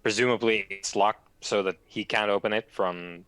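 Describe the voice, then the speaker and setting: A man's voice: on the low side, fairly even intonation, moderate pace, fairly bright tone, dry recording. A man playing a tabletop game, talking hesitantly and chuckling as he plans moves. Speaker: player. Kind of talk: casual tabletop play.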